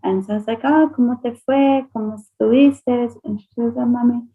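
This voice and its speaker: A woman's voice: on the high side, steady tone, brisk, phone-quality sound, soft background music. A woman, a nursery owner whose first language is Spanish, casually telling an emotional personal story on a podcast and laughing often.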